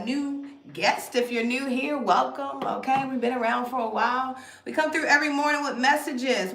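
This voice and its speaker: A woman co-hosting a spiritual morning stream, chanting upbeat call-and-response lines and then chatting casually with viewers. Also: high voice. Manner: rhythmic, call-and-response hype. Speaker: co-host of a spiritual reading channel. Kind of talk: sing-song chant, then casual chat. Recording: roomy live-stream audio with loud music.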